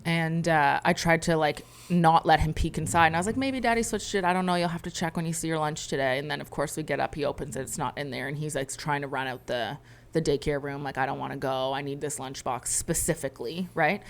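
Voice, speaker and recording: A woman's voice: sits low, steady tone, fast talker, slight background noise. A woman in her thirties co-hosting a podcast, telling a candid and emotional story in a rambling, heartfelt way. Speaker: podcast co-host. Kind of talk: candid conversation.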